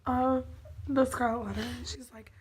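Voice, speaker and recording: A woman's voice: sits high, fairly even intonation, normal speed. A woman co-hosting a family vlog, chatting playfully in a casual way. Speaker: vlog co-host. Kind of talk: casual chat.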